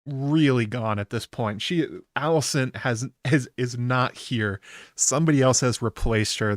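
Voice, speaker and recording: A man's voice: medium pitch, dry recording, clean studio sound. A man hosting a podcast, recapping a TV episode in a rambling, casual way with lots of filler words. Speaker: podcast host.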